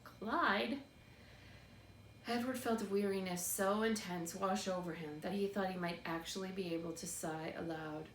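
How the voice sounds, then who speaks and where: A woman narrating a children's book in a steady, expressive read-aloud. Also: on the low side, moderate pace, few pauses. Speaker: storybook reader. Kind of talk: scripted narration. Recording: roomy, distant mic, faint background noise.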